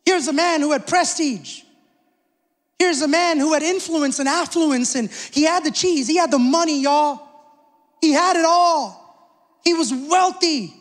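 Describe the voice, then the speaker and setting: A male pastor preaching a sermon, calling out to the congregation and quietly acting out the people in the story. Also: extremely high pitch, measured pace. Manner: preaching with call-outs to the congregation; acts out the people in the story in hushed asides. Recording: long hall reverb.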